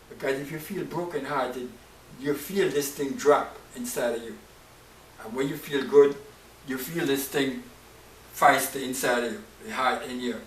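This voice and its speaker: A male preacher telling a Bible story in an expressive sermon, acting out the characters' emotions. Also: a little high. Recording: roomy, distant mic, faint hiss.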